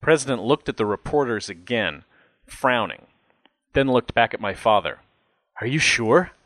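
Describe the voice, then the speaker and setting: A man's voice: mid-range voice, animated, normal speed, a bit bright, dry recording. A man reading a first-person memoir aloud with a wry, reflective manner. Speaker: narrator. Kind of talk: first-person audiobook narration.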